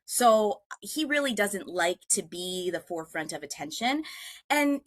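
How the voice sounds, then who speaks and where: A woman's voice: mid-range voice, expressive, measured pace, no room sound. A young woman speaking as a guest presenter on a video call, telling a story with animation, self-deprecating humor and frequent ums. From Michigan. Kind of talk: webinar presentation.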